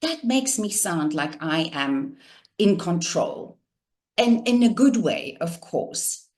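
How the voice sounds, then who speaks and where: A woman coaching on communication, speaking slowly with plenty of pauses. Her lowish voice rises and falls widely as she demonstrates how pitch carries meaning. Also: big pitch swings, a little mellow. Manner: measured, deliberate cadence with pauses; demonstrates intonation with her own voice. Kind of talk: instructional talk.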